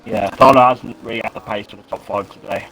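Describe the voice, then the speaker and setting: A man's voice: lowish voice, fairly even intonation, quick pace, a bit bright, slight background noise, rough recording. A man co-commentating a race, laid-back and dry, laughing along with his partner. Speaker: sim racing co-commentator. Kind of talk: live race commentary with casual banter.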